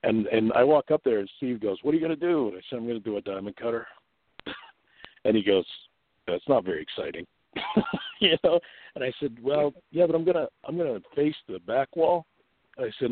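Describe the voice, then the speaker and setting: A man's voice: mid-range voice, fairly quick, slight background noise. A man rambling through a casual story over the phone, full of restarts and laughs. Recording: tinny dry phone line.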